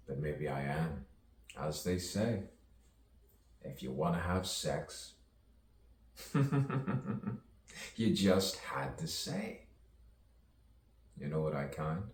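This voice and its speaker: A man's voice: very deep voice, darkish tone, a little hiss or hum. A man, a poet, rambling playfully through an improvised monologue full of rhyming wordplay and chuckles. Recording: roomy, distant mic, faint ambience.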